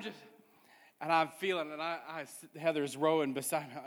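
A man's voice: fairly high pitch, steady tone, moderate pace, a bit bright. A male pastor preaching a sermon, emphatic, repeating his refrains. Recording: hall with long reverb.

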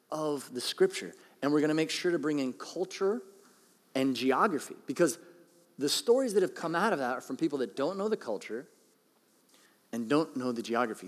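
A man's voice: a little high, big-room sound. A man in his thirties, a pastor, preaching a conversational, self-deprecating sermon and acting out quotes.

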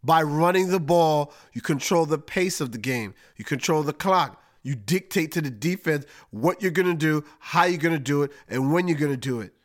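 Animated man breaking down football. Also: a little high, normal speed, few pauses. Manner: animated, emphatic, folksy with slang. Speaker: podcast host. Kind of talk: casual sports analysis.

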